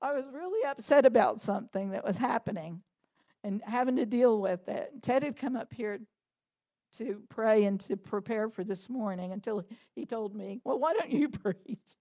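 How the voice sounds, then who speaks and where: A woman preaching a sermon to a congregation, animated and laughing, building to fervent, shouted prayer. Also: on the high side, normal speed.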